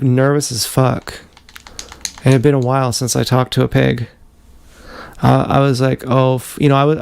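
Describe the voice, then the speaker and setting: A man's medium-pitched voice, darkish and resonantly clear with vocal fry, carries a confessional livestream monologue that wanders and halts with frequent restarts. Faint noise sits behind the action-camera audio.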